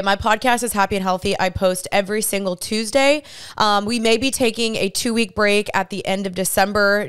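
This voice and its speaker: With a smooth, mid-range voice, a woman in her twenties talks her way through a casual solo podcast, chatty and often laughing. The studio mic she uses appears on camera.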